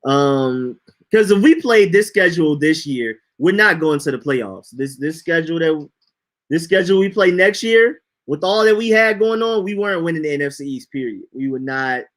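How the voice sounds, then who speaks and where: Relaxed slangy man chatting sports. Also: on the high side, normal speed. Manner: relaxed, slangy, greets live chat viewers. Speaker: podcast co-host. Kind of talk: casual sports chat.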